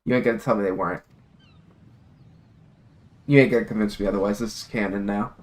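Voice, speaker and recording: A man streaming a video game, giving casual commentary with plenty of swearing and excitable remarks. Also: lowish voice, brisk. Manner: profane and excitable.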